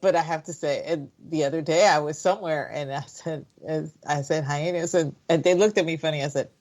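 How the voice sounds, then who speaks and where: A woman's voice: low voice, fairly even intonation, brisk, a little mellow. A woman co-hosting a radio talk show, chatting casually and laughing often. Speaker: podcast co-host. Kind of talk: casual chat.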